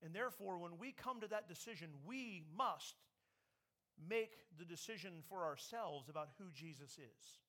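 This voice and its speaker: A man's voice: high voice, expressive, normal speed, bright, forceful tone. A man preaching a sermon, emphatic, raising his voice when he quotes scripture. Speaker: pastor.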